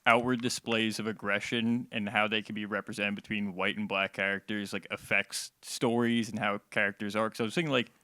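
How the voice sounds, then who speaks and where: A man in the audience asks a long, hesitant question. His voice is low, bright and tense, and it sounds dry and close. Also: flat delivery, brisk, few pauses, no room sound. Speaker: audience member asking a question.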